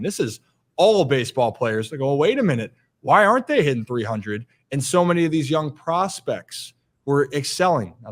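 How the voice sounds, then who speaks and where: A male host leading a casual sports interview. He asks long, meandering questions in a mid-range voice. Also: mid-range voice. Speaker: show host.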